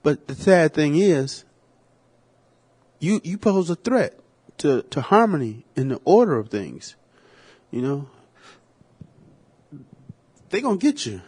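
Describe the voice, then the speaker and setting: A man's voice: fairly high pitch, very animated, takes it slowly, pauses often, a little mellow, husky. A man co-hosting a podcast in casual chat, blunt and opinionated with lots of slang and swearing. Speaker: podcast co-host.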